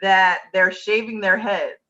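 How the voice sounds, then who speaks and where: Host, bright tone, chatty and excitable emcee energy, video call audio. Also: mid-range voice, measured pace, dull audio. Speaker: comedy show host. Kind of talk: hosting an online comedy show.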